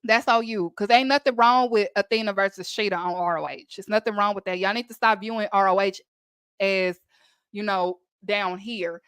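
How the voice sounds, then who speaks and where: A woman's voice: medium pitch, steady tone, normal speed, fairly bright tone, clear, resonant tone, no echo. A woman from Texas with a Texan accent, hosting a casual wrestling recap podcast and chatting emphatically to listeners.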